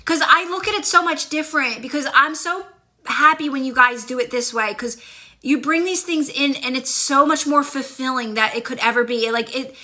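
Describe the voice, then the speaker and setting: A manifestation coach speaks in a high, bright, pushed voice at a normal speed. She's on a phone livestream, coaching her viewers with upbeat encouragement and replying to their comments in casual chat.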